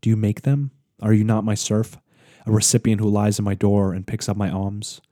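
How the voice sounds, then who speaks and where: A man voicing the stern, ageless spirit of the soul in a slow, measured dramatic reading. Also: fairly low pitch, little pitch movement, warm tone, no echo, studio quality, lightly acted.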